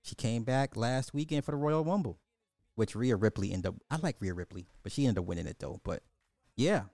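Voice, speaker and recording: Animated slangy livestream host, man. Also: mid-range voice, fairly quick, dry recording. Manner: animated, repetitive, swears, slangy. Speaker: livestream host reading chat. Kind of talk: casual livestream chat.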